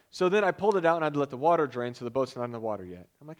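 A man preaching a sermon, telling a personal story in an animated way, with loud bursts when he gets excited. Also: mid-range voice, racing. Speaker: pastor.

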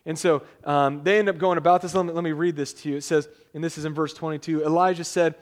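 A man, a pastor, giving a casual, conversational sermon with jokes, reading scripture aloud in a measured way. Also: fairly high pitch, fairly even intonation.

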